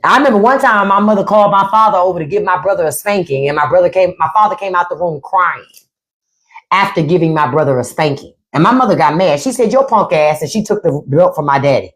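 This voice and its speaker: This fast-talking, middle-aged woman with a fairly low voice hosts a live stream as a podcast host. Her storytelling is casual, profane and animated, complete with acted-out quotes.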